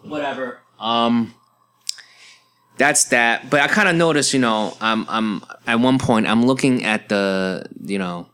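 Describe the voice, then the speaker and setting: Young New guy, bright forceful voice, ranting and cursing about his day. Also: mid-range voice, measured pace, clear, resonant tone. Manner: profane, ranting, heated. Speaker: podcast host. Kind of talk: casual ranting monologue.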